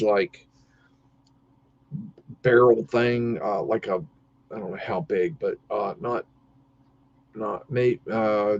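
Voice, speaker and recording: A man's voice: medium pitch, a little mellow, dull audio. A man casually telling rambling stories about his old jobs, folksy and swearing freely, with lots of fillers. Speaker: podcast host.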